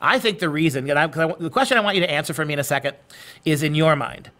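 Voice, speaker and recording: A man's voice: a little high, rapid-fire, bright, forceful tone. A man hosting an interview, earnest and conversational, often restarting words mid-thought. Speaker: host.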